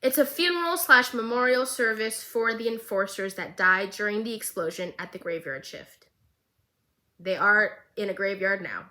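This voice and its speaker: Bright, excitable young woman vlogger. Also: mid-range voice, moderate pace. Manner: excitable, gushing and jokey, swinging loud. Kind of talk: comedic show recap.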